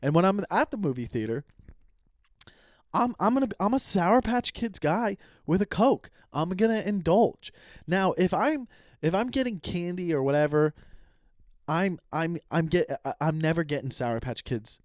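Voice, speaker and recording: A man's voice: sits high, normal speed, no room sound. Rambling comedian man, dry close mic. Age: 30s. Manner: rambling, animated, swears casually. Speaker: podcast host. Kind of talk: solo comedic podcast rant.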